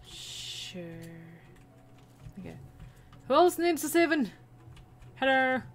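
A woman giving playful, chatty commentary while playing a video game, breaking into sudden high excited squeals. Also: slow, creaky.

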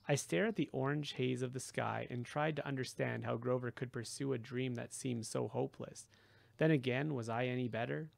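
A man narrates an audiobook in a steady, unhurried way, his mid-range voice carrying a gravelly texture. The recording is close and completely dry, with no room sound. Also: mid-range voice, dry recording. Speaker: audiobook reader. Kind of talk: first-person audiobook narration.

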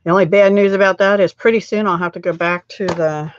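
Her mid-range voice stays fairly even and moves fast, with the high frequencies cut off. A middle-aged craft channel host, she rambles while working on a live crafting stream, throat still scratchy from a cold.

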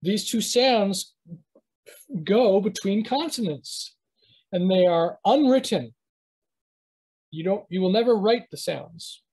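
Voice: medium pitch, darkish tone, poor audio. A teacher giving a live online lesson, talking at a computer mic while screen-sharing and often stopping to correct themselves. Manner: halting, self-correcting, thinks aloud.

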